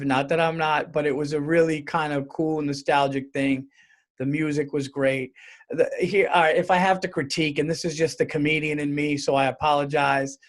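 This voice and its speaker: A male comedian hosting his own podcast, riffing alone in a loose, rambling, joking way. His voice sits a little higher than most men's, and he speeds up and slows down as he goes. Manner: animated, rambling, jokey with profanity. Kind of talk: casual solo podcast monologue.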